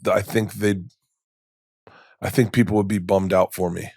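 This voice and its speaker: A man in his fifties, a comedian guest telling stories in a lively, casual way, acting out the voices in them. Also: deep voice, normal speed, gravelly, breathy edge, dry recording, studio quality. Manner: animated, acts out voices in his anecdotes, swears casually. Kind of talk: storytelling in casual conversation. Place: podcast studio.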